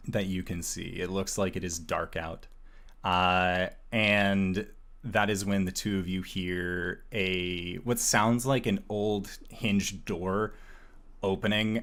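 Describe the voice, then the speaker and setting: Deep low guy narrating as game master, slow and careful, lots of uhs. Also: fairly bright tone. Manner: slow, measured, with frequent "uh" pauses.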